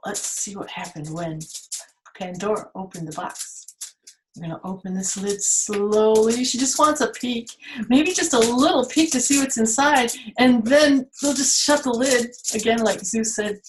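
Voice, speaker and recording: Slow-talking woman telling a kids' story. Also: a little high, slight background noise. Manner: gentle, expressive, asks the children questions. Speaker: children's museum storyteller. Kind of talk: children's storytime narration.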